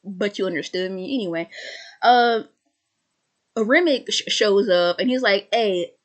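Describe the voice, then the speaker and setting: A woman with a stutter reviewing a film in casual, rambling chat, full of fillers and repeated words, slipping into quick voices for the characters. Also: medium pitch. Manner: acts out characters' lines in quick put-on voices.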